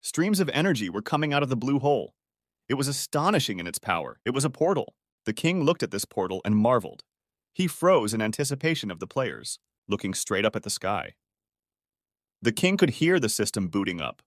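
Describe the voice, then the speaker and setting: A man reads a story recap aloud as scripted narration, his pitch rising and falling freely from line to line. The delivery stays even and steady, and the recording is dry and close with no room sound. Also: brisk, no echo.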